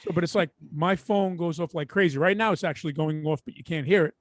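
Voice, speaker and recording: Wry middle-aged New York man, slightly high. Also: quick pace, no echo, clean studio sound. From Brooklyn, New York. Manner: laid-back, wry, easygoing storytelling. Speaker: podcast co-host. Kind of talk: casual chat.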